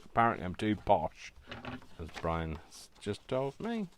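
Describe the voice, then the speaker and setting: A man chatting casually as he crafts, rambling along and quick to laugh. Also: lowish voice, huge pitch swings, noisy background. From Britain. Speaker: crafting vlogger. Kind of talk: casual chat while crafting.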